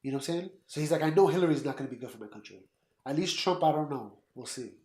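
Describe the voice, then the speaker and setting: Man, Puerto Rican roots, opinionated podcast co-host, a touch high, echoey room. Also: animated, racing, darkish tone. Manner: blunt, opinionated, talks in quoted asides. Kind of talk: casual political chat.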